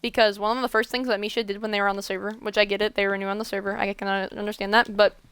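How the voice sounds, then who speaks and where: A woman's voice: medium pitch, level tone, very fast, fairly bright tone, smooth, dry recording. A woman streaming a game, telling a casual story in a rambling way, often stopping and restarting her sentences. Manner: rambling, self-interrupting, with fillers and restarts. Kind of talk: casual storytelling while gaming.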